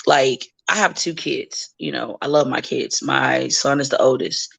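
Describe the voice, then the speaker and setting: A woman's voice: a bass voice, fairly even intonation, unhurried, vocal fry, fairly bright tone, breathy edge. A woman wrestler as a podcast guest, talking bluntly and profanely in casual chat and acting out the people she quotes.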